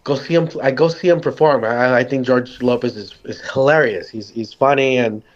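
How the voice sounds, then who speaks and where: A man's voice: medium pitch, normal speed, dull audio. A man from the Southwest US, a podcast guest telling a rambling story in casual chat. He leans heavily on "like", swears freely and acts out the quotes. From Socorro, US Southwest.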